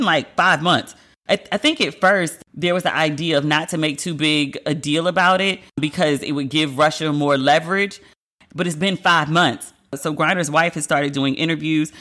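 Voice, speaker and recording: Woman rambling thru the news on her show, candid, lots of asides, sharp bright voice. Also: sits low. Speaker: podcast host. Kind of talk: casual news commentary.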